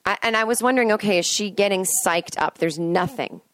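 A woman's voice: mid-range voice, a little fast, fairly bright tone, dry recording. A woman hosting a podcast, talking in a chatty, digressive solo monologue and breaking into sung snippets and acted-out voices. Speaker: podcast host. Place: in bed at home.

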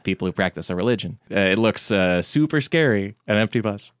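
A man hosting a casual comedic podcast chat, relaxed and often chuckling as he tells a story. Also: fairly low pitch, fairly quick, clear, resonant tone, dry recording, studio quality. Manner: laid-back, chuckles often, reads quotes aloud. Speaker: podcast host.

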